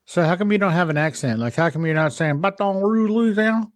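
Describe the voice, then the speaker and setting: A man's voice: a little high, lively intonation, fast, no echo. A man hosting a podcast interview, chatting in an upbeat, jokey way and laughing often. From American South. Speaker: podcast host. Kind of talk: podcast interview, casual chat.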